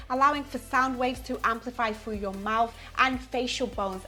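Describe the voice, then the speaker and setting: A woman's voice: high voice, fairly bright tone. A young woman vocal coach giving an enthusiastic, upbeat online singing lesson.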